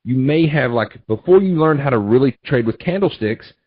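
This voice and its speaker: A man's voice: mid-range voice, expressive, normal speed, dry recording, phone-quality sound. A male trading educator giving a webinar, teaching through folksy stories with repeated check-ins. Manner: folksy storytelling, repetitive asides. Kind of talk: webinar presentation.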